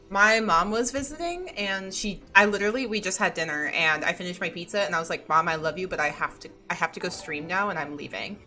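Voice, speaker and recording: A young woman streaming a block-building game, chatting casually and greeting her viewers excitedly. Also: mid-range voice. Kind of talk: casual live-stream chat. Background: faint background music.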